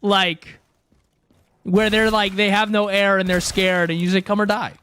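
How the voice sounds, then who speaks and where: Playful high-voiced young man streaming. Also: flat delivery, a little slow, bright, forceful tone, a little hiss or hum. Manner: joking, rambling, playful. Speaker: livestreamer. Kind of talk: casual stream chat with viewers.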